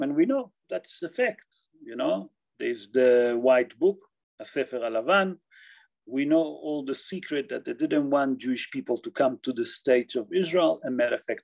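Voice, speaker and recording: Gravelly, fairly high-voiced rabbi teaching. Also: male voice, a little mellow, poor audio. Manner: halting, repeats and restarts phrases; explanatory, checks in with listeners. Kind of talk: Torah class on Jewish law.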